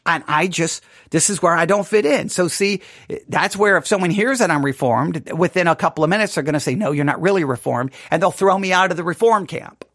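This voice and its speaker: A man's voice: high voice, a little fast, few pauses, a bit bright, no echo, clean studio sound. A man teaching a Bible study, reacting to a sermon with emphatic, sarcastic exasperation. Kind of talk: livestreamed Bible study commentary.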